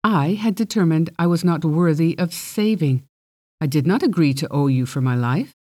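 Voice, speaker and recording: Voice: mid-range voice, expressive, normal speed, mellow, dry recording, studio quality, lightly acted. A reader voicing a proud, guarded fairy princess who speaks formally and bargains haughtily. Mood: bargaining. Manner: arrogant, formal, evasive.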